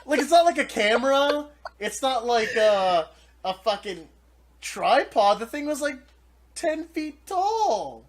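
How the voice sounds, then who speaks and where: A man on a podcast call tells a wild travel story, swearing freely and breaking into laughter. His pitch climbs sharply when he gets worked up, then drops low and quiet between the punchlines. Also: takes it slowly, slight background noise. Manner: profane, animated storytelling with laughter. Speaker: podcast co-host. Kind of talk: casual chat.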